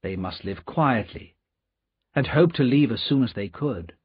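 A man narrating an audiobook with slow, lively storytelling. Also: medium pitch, husky, no room sound. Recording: dull lo-fi recording.

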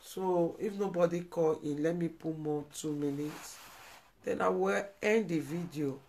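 A woman's voice: on the low side, a little slow, darkish tone, a little hiss or hum. A Nigerian woman hosting a live video, speaking in an emotional, pleading way and repeating herself. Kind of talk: emotional live-stream commentary.

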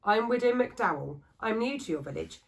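Female reader voicing a polite earnest young widow, gentle and sincere. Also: on the high side, lively intonation, moderate pace, pitched above the performer's own voice.

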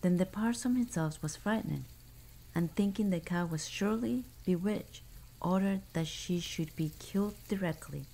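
Woman storyteller, soft ASMR bedtime reading, warm low voice. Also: vocal fry, poor audio. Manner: soft, hushed, unhurried.

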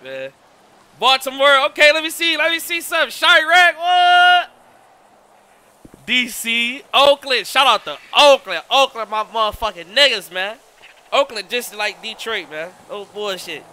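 A man streaming live, chatting casually and excitedly, shouting out his viewers in heavy slang. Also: extremely high pitch, slow.

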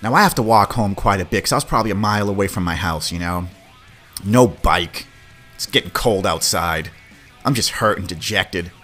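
Animated man telling a story. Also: low-pitched, moderate pace. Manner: animated, swears, acts out quoted voices. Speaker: podcast host. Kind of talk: casual storytelling. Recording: faint music behind.

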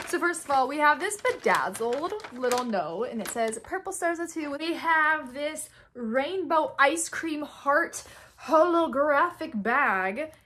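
A young woman vlogger excitedly opening fan mail, gushing and gasping as she reads notes aloud. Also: high-pitched, a little slow, a little hiss or hum. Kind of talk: excited unboxing chat.

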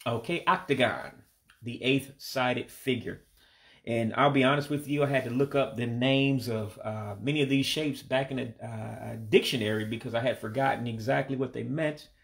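An American man in his forties giving a casual spoken language lesson, with a relaxed and hesitant delivery that is full of fillers, repeating words slowly for practice. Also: medium pitch, creaky. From United States. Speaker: language learner teaching vocabulary.

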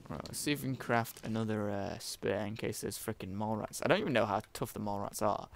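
A young man gives a running let's-play commentary with a gravelly, creaky edge to his voice. He talks in a jumpy, jokey way and swears freely, over a faint hiss in the background. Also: lowish voice, fast. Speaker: gaming YouTuber.

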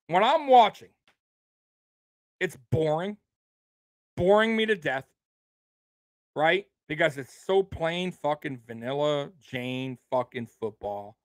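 Man, livestream host, angry fan rant, profane, repetitive, fired-up, fairly high voice, dry sound. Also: fairly bright tone, dry recording.

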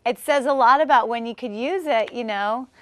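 A woman's voice: on the high side, normal speed, dry recording, studio quality. A woman in her thirties, a guest on a TV talk show, speaking in a bubbly, chatty and upbeat way. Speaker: guest, former Olympic swimmer. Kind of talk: casual TV interview.

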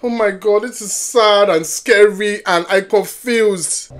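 A woman reacting to a film she is watching for the first time, exclaiming and talking back to the characters in slangy asides. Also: mid-range voice. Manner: exclaims and yells at the characters on screen. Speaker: movie reaction host.

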